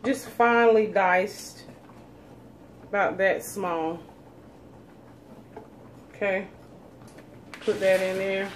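A woman's voice: mid-range voice, extremely slow, pauses often, noisy background. A woman, chatting folksily to viewers as she demonstrates cooking in her home kitchen. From North Carolina, USA. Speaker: cooking channel host.

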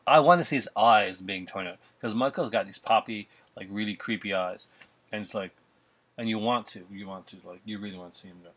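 Husky, blunt man reviewing films. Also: on the low side, fairly quick, a bit bright. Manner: blunt, opinionated, laughs often. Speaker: podcast co-host. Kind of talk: casual film review chat.

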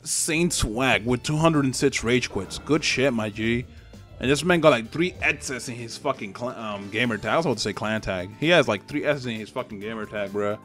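With soft background music playing, a gaming channel host, a young man with a Spanish accent, speaks at a moderate pace in a mid-range, fairly bright voice. He delivers profane, trash-talking live commentary as he plays an online fighting game.

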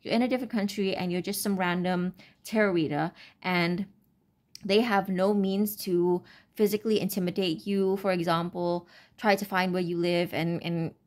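Halting, rambling woman reading tarot. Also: on the low side, fairly even intonation, a little mellow. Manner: rambling, halting, many fillers and restarts. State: brain fog, stuttering. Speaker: tarot reader. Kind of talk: casual unscripted tarot reading.

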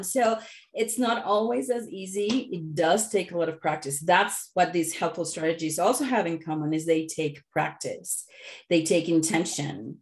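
A middle-aged woman coach giving an online workshop talk, chatty and lively, telling loose stories. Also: fairly low pitch, moderate pace.

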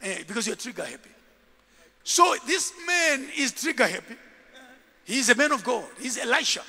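Man, preacher, lively swooping pitch, shouts and murmurs, echoey church hall. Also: unhurried. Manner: animated, dramatic, swings between shouting and low murmurs. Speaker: bishop, preacher. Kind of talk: sermon.

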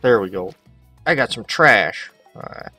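A man's voice: on the low side, expressive, a little slow, bright, forceful tone, dry recording, recorded from a distance, soft background music. A man giving casual gameplay commentary, chatting to the characters as he plays. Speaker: let's play host.

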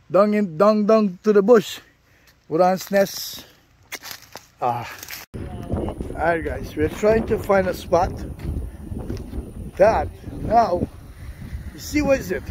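A man vlogging outdoors in the bush, chatting enthusiastically to his viewers while driving. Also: high voice. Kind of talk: casual vlog narration. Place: outdoors in rural bush, often driving a vehicle. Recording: outdoor recording with loud engine and wind noise.

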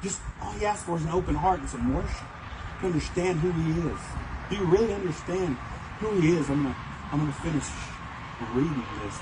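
Animated high-voiced preacher. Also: male voice, background noise. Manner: animated storytelling, acts out voices, fast bursts. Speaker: pastor. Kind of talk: sermon. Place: church.

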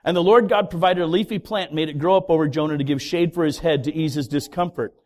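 A man, a pastor, preaching a sermon with dramatic storytelling that swings from loud to hushed. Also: a little high, fast.

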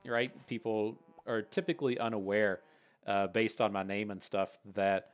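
A man's voice: lowish voice, fairly even intonation, moderate pace. A man from West Virginia with a thick Appalachian accent, chatting casually and rambling through gameplay commentary, swearing freely. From West Virginia, USA. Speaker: gaming channel host.

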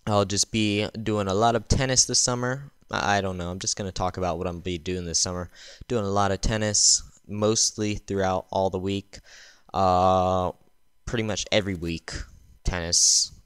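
A tired man talking over his gameplay in a loose, rambling way, tripping over his words and reaching for ums. His voice sits on the low side and comes through smooth and clean. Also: steady tone, moderate pace, dry recording. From United States. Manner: rambling, full of ums and restarts. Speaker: gaming channel host. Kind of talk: casual gameplay voice-over commentary.

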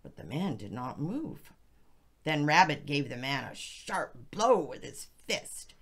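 A woman narrating a folk tale slowly for English learners, with expressive reading and soft, hushed passages. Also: sits low. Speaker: storyteller.

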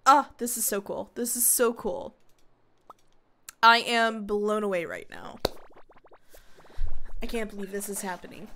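A woman's voice: fairly high pitch, measured pace, pauses often, sharp tone. A young woman commentating her gameplay, gushing and teary with emotion, close to crying and giggling between lines. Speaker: gaming channel host.

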